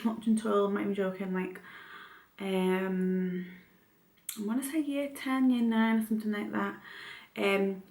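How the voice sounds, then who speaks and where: A young woman telling a personal story in a rambling, casual vlog, with lots of fillers and restarts. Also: medium pitch. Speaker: vlogger. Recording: echoey room.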